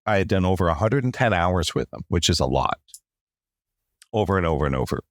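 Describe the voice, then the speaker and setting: Deep-voiced man telling his story. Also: brisk, no echo, studio quality. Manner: animated storyteller, repeats "long story short", acts out quoted rants. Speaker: podcast guest. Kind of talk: storytelling in a podcast interview.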